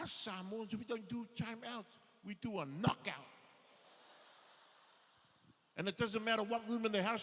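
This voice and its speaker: A male stand-up comedian with a high, bright voice tells stories on stage and acts out the people he quotes. His voice rings through a large hall with a long reverb. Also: normal speed. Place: live show in an arts and events centre.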